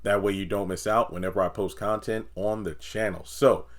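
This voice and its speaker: Animated man recapping a TV episode. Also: on the low side. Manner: animated, acts out characters' lines in quick voices. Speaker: TV review YouTuber. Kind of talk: casual episode recap and review.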